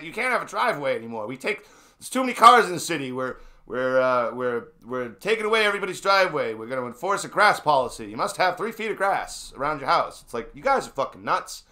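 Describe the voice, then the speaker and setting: Bright-voiced ranting man, profane. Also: fairly high pitch. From New England. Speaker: stream co-host. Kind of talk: casual political chat.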